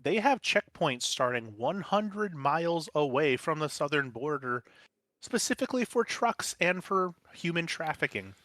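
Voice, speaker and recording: A man talking on a podcast over a video call, his voice on the higher side. He sounds emphatic and incredulous and drops sarcastic asides. The sound is dry and close. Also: big pitch swings, unhurried, a bit bright, no room sound. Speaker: podcast co-host. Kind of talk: casual chat.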